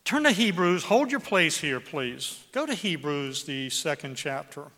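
A man delivers a sermon in a bright, forceful, slightly high voice. He reads scripture with heavy emphasis and draws out the key words. His voice rings through a large church hall with a long echo. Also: very animated, unhurried. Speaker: pastor.

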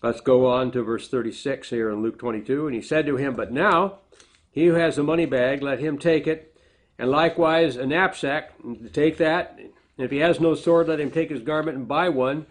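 A man's voice: mid-range voice, moderate pace. A man preaching a sermon, reading scripture aloud with lifted emphasis and then explaining it in plain, conversational asides. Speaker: pastor.

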